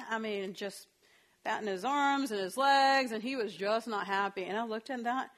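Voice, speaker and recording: A woman's voice: fairly high pitch, expressive, unhurried, a bit bright. A woman counselor giving a talk on parenting, telling stories from her own family in a chatty way and acting out the dialogue. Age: adult parent of a young child.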